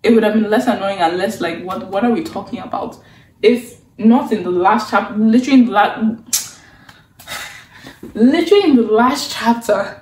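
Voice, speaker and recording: A woman's voice: medium pitch, normal speed, darkish tone. A young woman recapping a webtoon in a casual, chatty way, sarcastic and exasperated, saying "like" a lot. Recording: roomy sound from a distance.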